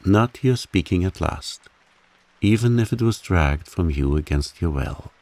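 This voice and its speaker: A man voicing a proud, heartbroken woman who steadily confesses her long love, in a soft bedtime reading. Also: low-pitched, unhurried. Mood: steady, tender. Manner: steady, dignified, softly spoken.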